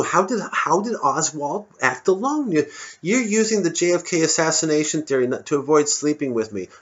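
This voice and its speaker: A man's voice: mid-range voice, a bit bright, highs cut off. A male comedian giving a digressive, self-interrupting, profane stand-up monologue.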